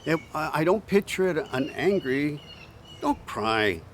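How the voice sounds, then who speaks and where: A male pastor giving a short sermon in slow, earnest, pausing phrases, easing into a gentle hush at times. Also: fairly high pitch, a little hiss or hum.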